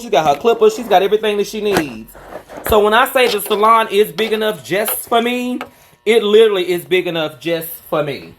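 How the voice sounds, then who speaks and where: Man, 40s, stylist host: high bright voice, sassy chatter, small echoey salon. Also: a little hiss or hum. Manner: sassy and chatty, calls viewers girl and honey. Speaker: hairstylist and salon owner. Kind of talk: casual live chat with viewers during a salon tour. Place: small indoor hair salon. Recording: roomy small-room sound.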